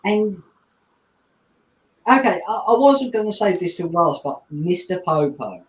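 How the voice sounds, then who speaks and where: A man's voice: sits high, sing-song, unhurried. A man hosting a casual podcast chat, laid-back and rambling with chuckles. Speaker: podcast host. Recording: roomy echo.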